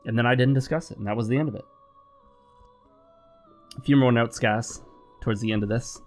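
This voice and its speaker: A man hosting a gameplay vlog, giving advice in a calm, instructive tone. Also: medium pitch, brisk, faint music behind. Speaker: gaming channel host. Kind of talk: advice talk over gameplay.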